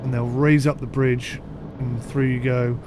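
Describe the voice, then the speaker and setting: A man's voice: mid-range voice, flat delivery, unhurried, darkish tone, slight background noise. A man with a mixed southern English accent giving chatty, rambling live commentary over a ship simulator and answering his chat. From United Kingdom. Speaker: streamer.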